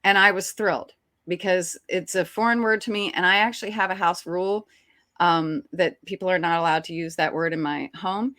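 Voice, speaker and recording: A woman who is an actress, telling a story as an interview guest in a lively, chatty way with quick restarts. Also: fairly low pitch, no room sound, studio quality. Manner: animated, chatty, frequent restarts and laughs.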